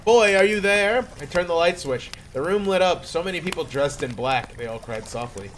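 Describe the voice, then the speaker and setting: A man's voice: fairly high pitch, fairly quick, slight background noise. A man reading a horror story aloud in a playful, mock-dramatic way. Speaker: creepypasta reader.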